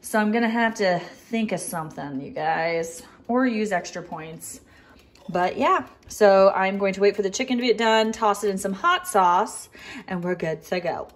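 A woman's voice: mid-range voice, moderate pace. A woman in her thirties chatting casually to her viewers in a food vlog, bubbly and talkative, recorded on her own camera in a car and then at home. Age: 30s. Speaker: food vlogger. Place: in a car at a drive-thru, then a home kitchen. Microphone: camera or phone recording herself.

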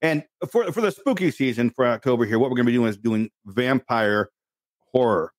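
Lively joking podcast host. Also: male voice, medium pitch, a little fast, no echo. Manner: goofy, joking, animated. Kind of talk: casual chat.

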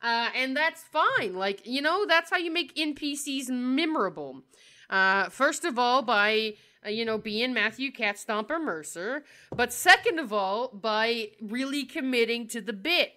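Squeaky woman podcast host, bright and a bit high, chatty and bubbly. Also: animated, a little slow. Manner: bubbly, jumps into character voices. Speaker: podcast co-host and game master. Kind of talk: casual chat, live podcast.

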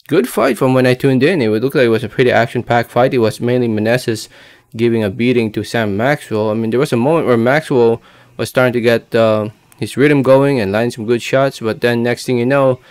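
A man's voice: mid-range voice, smooth. A man giving casual boxing commentary, talking a little slurred and thick because half his face is numb after dental work, rambling with lots of fillers. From Filipino American. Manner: loose, rambling, many fillers. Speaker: boxing vlogger. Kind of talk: casual post-fight commentary.

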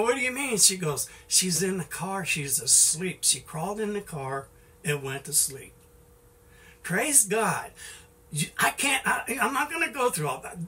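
A man's voice: a little high, bright, forceful tone, far from the mic. A middle-aged man giving an informal sermon in a folksy way, with many "you know"s and restarts. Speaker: preacher.

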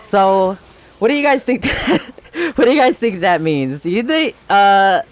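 A man's voice: sits high, unhurried, no echo. Young guy rambling a story while gaming, chatty and meandering, yelps at the screen. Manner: chatty, meandering, bursts into excited yelps at the game. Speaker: gaming channel host. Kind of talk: rambling storytelling over gameplay.

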